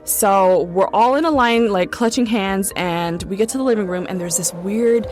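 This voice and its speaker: A woman's voice: mid-range voice, normal speed, over music. Chatty young woman telling a ghost story. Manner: chatty, lots of "like" and "um" fillers. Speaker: guest storyteller. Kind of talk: casual spoken true ghost story.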